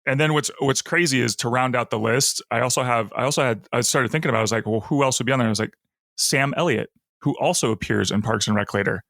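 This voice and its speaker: A man's voice: mid-range voice, quick pace, gravelly, fairly bright tone, no room sound, studio quality. A man co-hosting a podcast in casual chat, talking with enthusiasm, joking and restarting his sentences. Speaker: podcast co-host.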